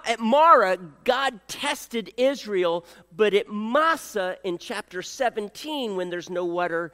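A man preaching a sermon, animated and joking, acting out voices and coughing now and then. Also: sits high, in a large hall. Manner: animated, acts out voices, jokes with the congregation. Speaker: pastor.

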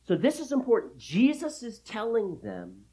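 Male pastor, emphatic Bible teacher, husky tone, animated delivery. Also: extremely high pitch, normal speed, low-quality recording. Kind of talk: expository sermon.

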